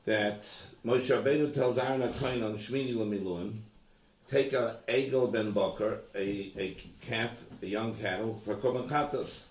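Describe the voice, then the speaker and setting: Halting rabbi teaching in an echoey room. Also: male voice, lowish voice. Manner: halting, restarts and repeats phrases, mixes in Hebrew terms. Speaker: rabbi giving a Torah class. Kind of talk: informal Torah class in a home. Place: room in a private home. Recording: echoey room, distant mic, faint noise.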